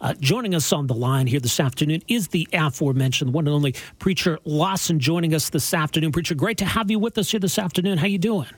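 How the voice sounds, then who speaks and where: A man hosting a radio interview, asking lively, friendly questions. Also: fairly high pitch, fast talker, few pauses, no room sound. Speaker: radio host.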